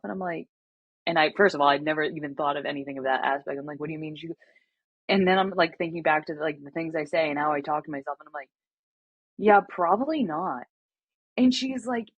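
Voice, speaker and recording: Young woman guest, husky and dry, candid and earnest, dull lo-fi sound. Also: sits low, fairly quick, no echo. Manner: earnest, reenacts conversations with many fillers. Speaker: podcast guest, former college basketball player. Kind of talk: candid interview talk.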